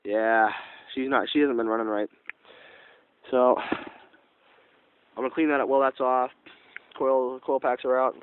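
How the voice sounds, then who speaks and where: A man's voice: medium pitch, flat delivery, a little slow, pauses often, a little hiss or hum. A young man with a cold and a nasal voice, rambling through a casual car-repair update and correcting himself as he goes. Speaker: vlogger. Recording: tinny phone-like audio.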